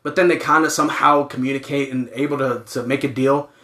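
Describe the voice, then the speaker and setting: A man's voice: medium pitch, fairly even intonation, quick pace, sharp tone, roomy sound. A man co-hosting a casual chat, telling rambling, profane stories.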